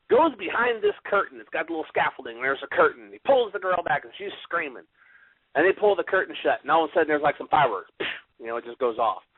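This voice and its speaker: Male radio co-host, animated raconteur, somewhat high voice, dry tinny lo-fi recording. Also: no echo. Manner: animated, vivid storytelling. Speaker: podcast co-host. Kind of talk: casual wrestling talk. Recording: tinny phone-like radio audio.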